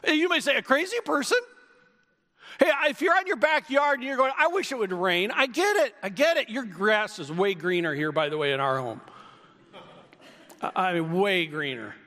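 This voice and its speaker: A man preaching a sermon in a lively way, sometimes raising his voice to a shout for key lines. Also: high-pitched, moderate pace. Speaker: pastor. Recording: long hall reverb.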